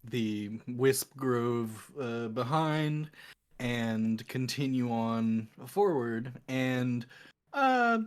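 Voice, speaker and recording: A young man runs a tabletop game, talking slowly and loosely with many fillers. His pitch sits mid-range for a man, and his speech drifts and restarts as he narrates the scene. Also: smooth. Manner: relaxed, halting, full of fillers. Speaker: dungeon master.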